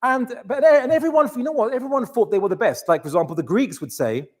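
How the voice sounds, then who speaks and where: A man giving a lecture to an audience, animated and chatty, full of restarts and asides. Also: very high voice, fast talker. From England. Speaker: Islamic lecturer.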